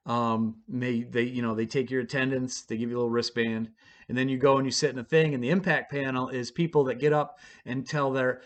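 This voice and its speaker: A man casually telling his own story in a blunt, profane, rambling way, with frequent restarts. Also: medium pitch.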